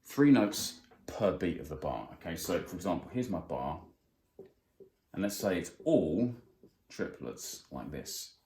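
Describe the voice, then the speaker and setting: A man teaching a guitar music theory lesson, explaining plainly and counting beats out loud. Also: low-pitched, sing-song, unhurried. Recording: roomy sound with faint guitar.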